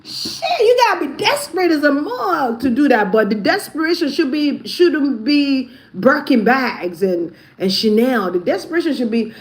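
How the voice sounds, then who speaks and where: A woman's voice: sits high, very animated, normal speed, few pauses, slight background noise. A woman vlogger giving blunt, profane gossip commentary, often breaking into laughter. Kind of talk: casual commentary.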